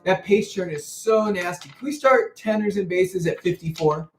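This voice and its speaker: A man's voice: high voice, moderate pace, vocal fry. A young man leading a choir rehearsal, counting in the singers, singing lines to demonstrate and explaining the music. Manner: animated, counts in and sings demonstrations. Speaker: choir director. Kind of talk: choral rehearsal instruction. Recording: echoey room with piano.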